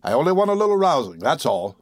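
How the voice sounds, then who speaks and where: A man's voice: mid-range voice, a little fast, no echo, clean studio sound, close to an everyday voice. A man voicing a cowardly, pompous older beadle who speaks in a voice tremulous with fear. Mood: nervous bluster. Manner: tremulous, blustering.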